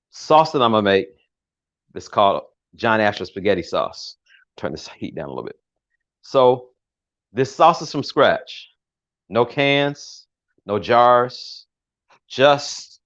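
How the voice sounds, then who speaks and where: A man's voice: lowish voice, fairly bright tone, muffled recording. An older man from the United States hosting a casual cooking livestream in his home kitchen, talking in a chatty, rambling way with jokes and self-corrections.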